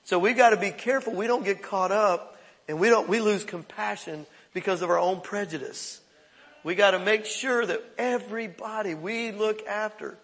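A man's voice: high voice, moderate pace, a bit bright, slightly rough, big-room sound. A middle-aged man preaching a conversational, emphatic sermon as pastor.

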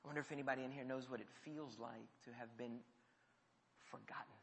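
A man preaching a sermon, telling the story lively and dropping his voice low for emphasis. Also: fast, creaky, big-room sound, a little hiss or hum. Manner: storytelling with sudden drops to a near whisper.

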